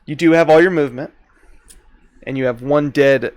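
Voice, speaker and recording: A man running a tabletop game as game master, relaxed and quick to laugh. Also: fairly high pitch, no room sound.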